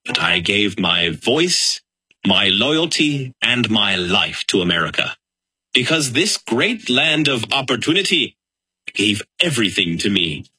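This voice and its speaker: A man's voice: on the low side, very animated, measured pace, bright, forceful tone, husky, no echo, full character voice, rough recording. A man playing a proud, honor-bound revolutionary signer, speaking in a dramatic, emphatic historical monologue. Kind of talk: first-person historical monologue.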